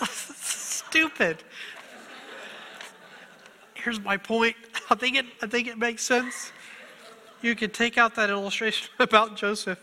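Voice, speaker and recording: A man's voice: very high-pitched, level tone, normal speed, pushed and bright, a little hiss or hum. A middle-aged male pastor preaching a sermon, emotional and self-deprecating, on the verge of tears and often laughing through them. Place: church sanctuary. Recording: long church hall reverb.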